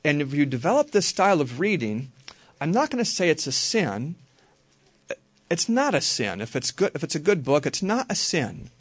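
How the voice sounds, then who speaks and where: A man teaching a group how to read the Bible, talking in a relaxed, conversational way and slowly repeating verses. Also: a little high, breathy edge, no room sound. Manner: relaxed, conversational, slow careful repetition.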